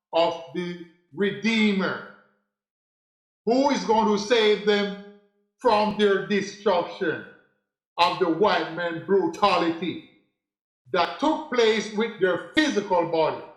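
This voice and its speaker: A man giving a slow, preachy spiritual monologue, repeating phrases for emphasis. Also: sits high, echoey room, poor audio. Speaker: spiritual teacher.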